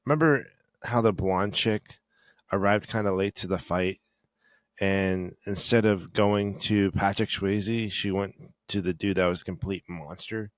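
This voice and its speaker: A man's voice: sits low, steady tone, a little slow, no echo. A man co-hosting a podcast, rambling and hesitant, often restarting his thoughts. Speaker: podcast co-host. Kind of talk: casual podcast chat.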